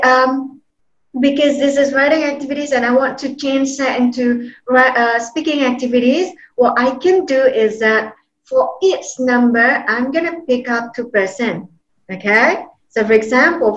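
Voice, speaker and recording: Encouraging high-voiced Indonesian teacher trainer. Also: female voice, a bit bright. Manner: encouraging, tags sentences with "okay?" and "yeah?". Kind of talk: interactive online teaching workshop. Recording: roomy, slightly muffled online call audio.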